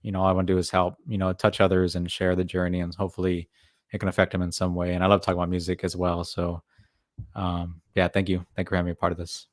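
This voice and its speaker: A man, a guest DJ, talking casually and sincerely in a stream interview, with halting fillers. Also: deep voice, monotone, no echo, clean studio sound. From California.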